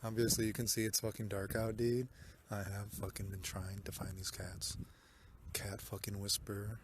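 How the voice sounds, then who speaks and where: At night, a young man walks city streets holding his phone, vlogging in a rambling, profane way and saying "dude" a lot. His voice is lowish, his tone level, his speed normal. The background is noisy.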